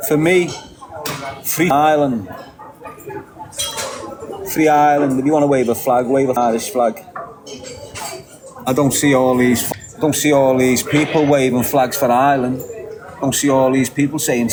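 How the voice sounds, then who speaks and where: A man's voice: mid-range voice, steady tone, normal speed, long pauses, rough recording. Man, Liverpool accent, middle-aged, emphatic and repetitive, podcast rant, crowd chatter audible. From England. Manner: emphatic and repetitive, with short laughs. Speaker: podcast guest. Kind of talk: ranting monologue.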